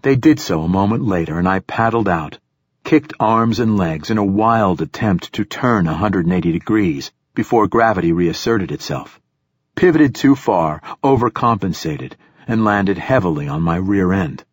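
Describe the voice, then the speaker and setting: A man narrating a first-person audiobook in a measured, even way. His voice is low and a little husky. The recording is close and dry, with no room sound. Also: dry recording.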